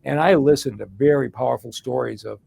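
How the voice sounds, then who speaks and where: A man's voice: medium pitch, a little fast, vocal fry, warm tone, breathy edge. A middle-aged man from Detroit answering an interview question in a long, plain-spoken story. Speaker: guest, former hospital executive and mayor.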